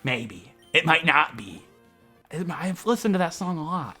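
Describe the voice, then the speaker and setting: A man hosting a let's play, giving jokey, excitable commentary with mock game-show announcing. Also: on the high side, normal speed, husky, faint music behind. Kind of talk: gameplay commentary.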